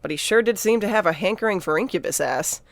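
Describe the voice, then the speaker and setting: A woman's voice: medium pitch, expressive, fast talker, gravelly, dry recording. A woman voicing a wry young man who talks in a dry, teasing, sarcastic way in an audiobook.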